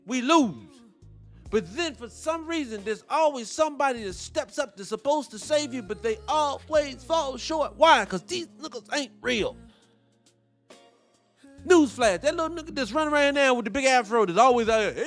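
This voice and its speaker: A man with a high speaking voice rants in a blunt, profane sermon about everyday life. His gives the talk a street-level edge. Faint music plays underneath. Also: fairly bright tone. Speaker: morning show host. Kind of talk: impassioned monologue.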